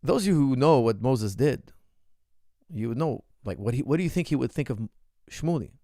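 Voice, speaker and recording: A man's voice: medium pitch, animated, moderate pace, warm tone, no echo, studio quality. A man hosting a show as a coach, giving casual reaction commentary in short, repeated bursts. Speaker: martial arts coach and show host.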